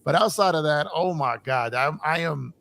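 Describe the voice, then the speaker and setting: A man's voice: fairly high pitch, normal speed, vocal fry, a bit bright. A man hosting a casual sports podcast, rambling with repeated words, frequent swearing and laughter. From United States. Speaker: podcast host.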